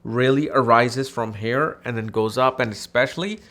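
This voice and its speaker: A man from India teaches astrology in a mid-range voice at a moderate pace. His manner is casual, animated and conversational, and he acts out the people in his anecdotes.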